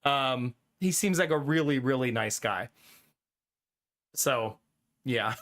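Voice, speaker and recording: A man's voice: mid-range voice, slow pace, a bit bright. A man streaming live and chatting casually with his viewers, rambling through a story, laughing often and swearing casually.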